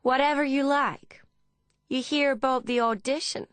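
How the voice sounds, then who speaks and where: A woman's voice: sits high, fairly even intonation, moderate pace, clean tone, no room sound, pitched above the performer's own voice, natural voice. A woman voicing a flirtatious, offhand American woman with a Texan accent, drawling and casual.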